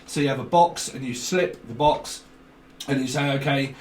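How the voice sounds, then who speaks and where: A man's voice: medium pitch, normal speed, roomy sound, distant mic, slight background noise. A man gives a tarot reading, rambling and free-associating, full of fillers and swearing. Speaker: tarot reader.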